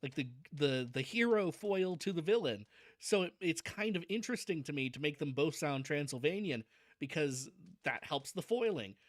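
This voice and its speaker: A man's voice: fairly high pitch, animated, normal speed, no room sound. A man chatting casually on a livestream before reading a novel aloud. He is self-deprecating and restarts his sentences often.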